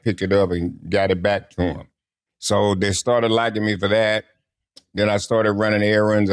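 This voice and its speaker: An older man sits for an interview and spins his stories in a low voice. He talks in a casual, lively way and acts out what others said to him. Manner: lively anecdotal storyteller who acts out quotes. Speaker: interview guest.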